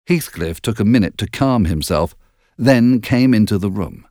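A man narrating an audiobook in an expressive, measured storytelling manner. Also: lowish voice, no echo, studio quality.

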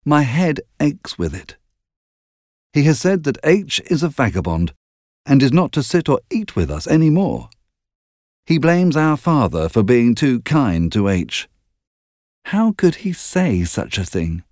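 A man's voice: mid-range voice, very animated, unhurried, darkish tone, dry recording, clean studio sound, pitched above the performer's own voice. A man reading out an upset young girl's diary entry in a slightly raised, aggrieved voice.

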